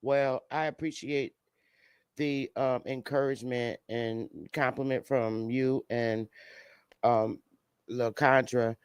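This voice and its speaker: A woman's voice: rumbling low, steady tone, slow, darkish tone, clear, resonant tone, no room sound. A woman speaking as a panelist on a live stream, delivering a heated, blunt and profane rant over a video call. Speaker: livestream panelist.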